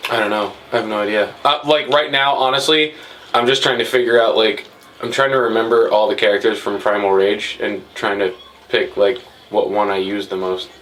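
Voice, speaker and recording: A man co-hosting a podcast in casual chat, jokey and quick to laugh. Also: fairly low pitch, fairly even intonation, fairly bright tone, slight background noise. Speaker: podcast co-host.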